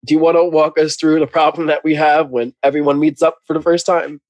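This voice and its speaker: A man's voice: fairly high pitch, level tone, brisk, darkish tone, dry recording, lo-fi sound. Chatty man recapping a show, dry sound. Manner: chatty, laughs often, acts out quotes. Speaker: podcast co-host. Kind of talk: casual recap chat.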